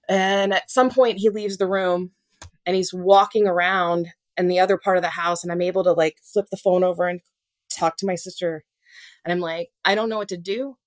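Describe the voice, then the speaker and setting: A woman telling her own story in an interview, earnest and halting, often restarting and acting out what was said. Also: fairly low pitch, no echo. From Louisiana. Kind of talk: personal storytelling in a podcast interview.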